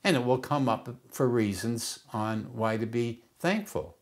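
Slow, unhurried man teaching. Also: medium pitch, lively intonation. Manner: unhurried, repeats words while searching for phrasing. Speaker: mind power teacher. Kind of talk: reflective teaching talk.

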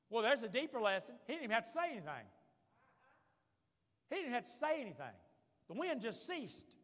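A male pastor preaches fervently, his bright, forceful voice pushing each point home. He keeps asking the congregation for an amen, and his words carry a long reverb through the church sanctuary. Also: very high voice, very animated, moderate pace, pauses often. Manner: fervent, calls for amens from the congregation. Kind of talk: sermon. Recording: long reverb of a large hall.

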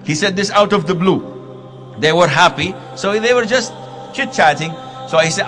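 A man's voice: sits high, normal speed. A man preaching a sermon on marriage, telling stories and acting out the quoted dialogue. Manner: storytelling, acts out quoted dialogue. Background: music.

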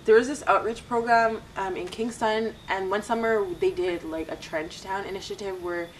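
A young woman telling chatty, animated stories as a vlogger. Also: medium pitch, normal speed, distant mic, slight background noise, low-quality recording. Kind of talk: casual storytime.

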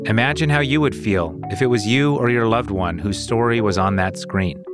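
A man co-hosting a podcast, reading scripted narration in a measured, deliberate way. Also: on the low side, over music. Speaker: podcast co-host.

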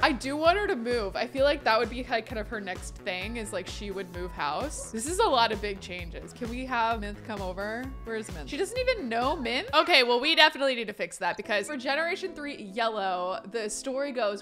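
A young woman commentating a life-sim game playthrough, excitable and gushing. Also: on the high side, a little fast, few pauses, over music. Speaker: gaming YouTuber.

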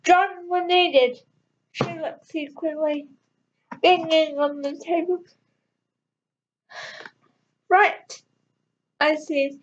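A young woman reading her own fan story aloud, slow and deliberate, stumbling and restarting now and then. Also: high voice, highs cut off.

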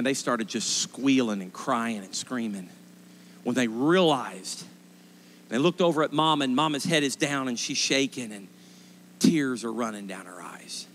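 A man in his forties, a pastor preaching a sermon, telling stories emphatically and rising to loud impassioned pleas. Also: medium pitch, slight background noise. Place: church sanctuary.

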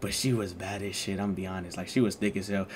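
A man telling a story to his live stream chat, slangy and excitable, swinging between mumbled asides and loud exclaims. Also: low-pitched, fast talker, slight background noise.

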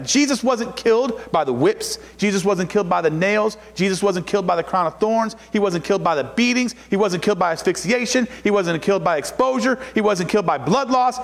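A pastor preaching in a high, light male voice, his words ringing out in a long hall reverb. He hammers home points through repetition and rises to loud cries, then slows down to read scripture with deliberate weight. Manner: preaching with rising shouted emphasis and repetition; reads scripture slowly and deliberately. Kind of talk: sermon.

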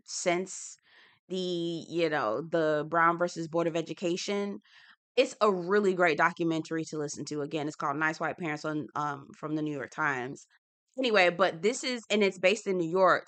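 Chatty woman with a bright voice recapping reality TV. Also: on the low side. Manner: chatty and opinionated, slangy, acts out quotes. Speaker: TV recap host. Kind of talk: casual reality-TV recap commentary.

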